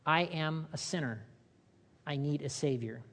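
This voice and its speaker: In a deep voice and at a measured pace, a woman pastor talks her sermon through with the congregation, posing questions and briefly voicing characters. The hall adds long reverb.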